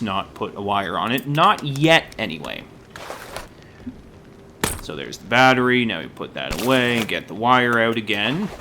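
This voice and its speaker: A man's voice: on the low side, pushed and bright, slight background noise. A man giving casual, rambling gameplay commentary, self-deprecating and full of dad jokes. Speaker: gaming YouTuber.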